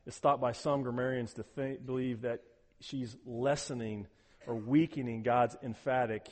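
A man's voice: medium pitch, steady tone, measured pace, long reverb tail. A pastor preaching a sermon, emphatic and repeating words as he builds each point.

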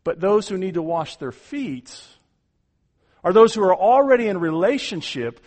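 A middle-aged man delivering a verse-by-verse sermon. His voice sits somewhat high for a man, and he speaks emphatically, doubling words as he stresses each point. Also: sing-song, moderate pace, a little mellow. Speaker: pastor. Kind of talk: expository sermon.

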